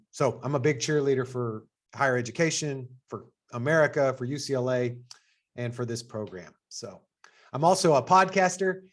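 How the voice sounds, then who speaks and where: Upbeat middle-aged man with a Texas twang. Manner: upbeat and conversational, with sudden pitch jumps for emphasis. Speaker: assistant dean hosting an information session. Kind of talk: presentation to prospective students.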